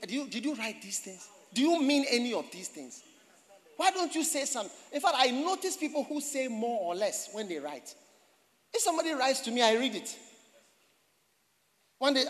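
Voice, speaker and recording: A man's voice: high voice, fairly bright tone, in a large hall. A man preaching a sermon in a church, talking in a conversational way, repeating phrases and asking the congregation questions. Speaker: pastor.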